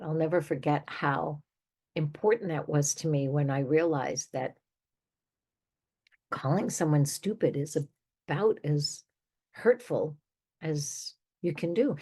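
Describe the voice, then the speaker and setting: A woman's voice: deep voice, lively intonation, measured pace, a little mellow, husky. An older woman, a therapist hosting her own show, giving emphatic, conversational advice straight to listeners with little laughs between points. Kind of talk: direct-to-listener advice monologue.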